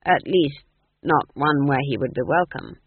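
A man's voice: on the high side, measured pace, husky, no echo. A man voicing a stern older witch woman, blunt and commanding, with a curt, firm delivery. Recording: tinny phone-like dry recording.

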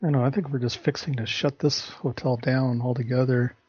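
A man's voice: mid-range voice, fairly even intonation, fairly quick, darkish tone, husky. Man as a stern fake manager. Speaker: prank caller. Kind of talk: prank phone call banter. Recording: dry dull lo-fi tape.

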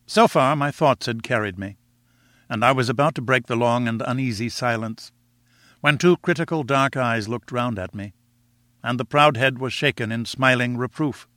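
A man reading a novel aloud in a measured, reflective storytelling manner. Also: medium pitch, sharp tone, no echo, studio quality. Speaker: audiobook reader. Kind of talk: scripted narration.

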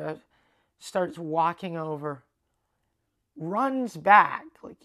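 This young Canadian podcast host's voice is on the high side, slow, with long pauses. He delivers a long, rambling, animated story in a casual monologue, swearing freely and acting out what people said.

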